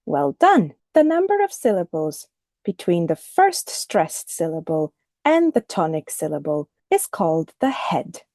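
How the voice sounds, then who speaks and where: A woman teaching a recorded lesson, speaking clearly and deliberately and modelling the intonation of example phrases. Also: fairly low pitch, very animated, dark tone, no echo, clean studio sound. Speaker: English teacher.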